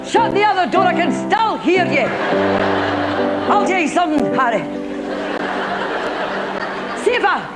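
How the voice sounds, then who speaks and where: A woman's voice: high voice, very animated, a little slow, long pauses, loud music behind the voice, a loud crowd, pitched above the performer's own voice. A woman doing a fed-up Glasgow housewife. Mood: exasperated. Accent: Glaswegian Scottish. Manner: loud, complaining, sharp-tongued. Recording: live theatre recording with audience noise.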